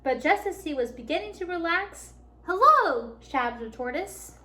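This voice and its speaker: A woman reading a picture book aloud to children at a library storytime, warm and animated. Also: high voice, moderate pace. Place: public library.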